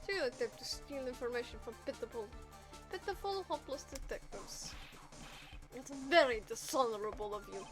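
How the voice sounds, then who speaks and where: A woman's voice: a little high, lively intonation, moderate pace, faint music behind. A woman voicing a haughty young female prosecutor with a put-on German accent, cold and scornful, while reading a video game script aloud.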